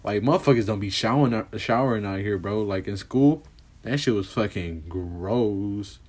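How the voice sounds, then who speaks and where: A man's voice: fairly low pitch, moderate pace, a little mellow. A young man chatting casually on a vlog, answering questions in a slangy, profane, rambling way, and saying he is putting on an accent. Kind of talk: casual chat.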